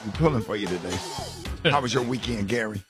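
A man's voice: lowish voice, fast talker, over music. A man hosting a radio morning show, joking and teasing his co-host. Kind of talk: casual radio banter.

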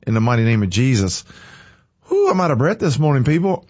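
A man's voice: mid-range voice, sing-song, brisk, a little mellow, husky, no echo, muffled recording. A man hosting a morning show, chatting folksy and then preaching with energy. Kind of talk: casual chat turning to preaching.

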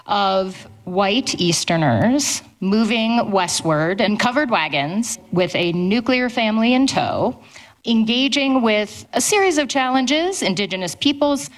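A woman historian speaking at a public event, telling history in a lively storytelling way. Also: on the high side, measured pace.

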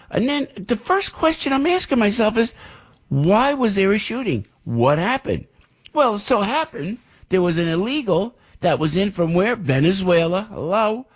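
Husky, heated male radio talk host. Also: high-pitched, big pitch swings, normal speed. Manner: rambling and heated, voice leaps up when outraged. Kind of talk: opinionated morning radio talk.

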